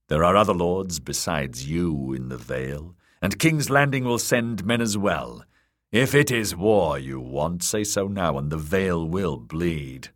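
A man voicing a smooth, scheming male lord protector who speaks in a cold, measured, commanding way. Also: deep voice, fairly bright tone. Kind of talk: audiobook character voice.

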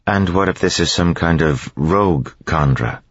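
Man voicing a pushy young woman, raised from a very deep husky voice, dull lo-fi audiobook sound. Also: measured pace, no room sound. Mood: probing. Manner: pressing questions, impatient. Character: young woman, sharp and restless.

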